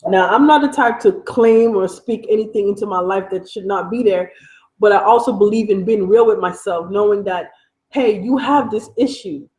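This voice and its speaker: A woman's voice: mid-range voice, moderate pace, a little mellow, low-quality recording. A young adult woman from Africa, telling a personal story in a candid, conversational way that wanders and keeps catching itself. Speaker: vlogger.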